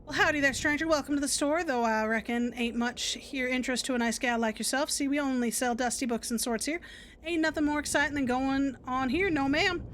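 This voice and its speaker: Woman doing a folksy old cowboy, drawling and wistful, high voice. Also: brisk, a bit bright, slight background noise. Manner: folksy drawl, homespun phrasing.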